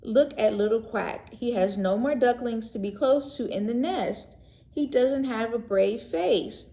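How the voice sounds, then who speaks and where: A woman teacher reading a picture book aloud to young children, gentle and expressive, pausing to ask questions and explain words. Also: on the high side, creaky. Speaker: pre-K teacher. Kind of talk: read-aloud story lesson for young children. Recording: echoey room.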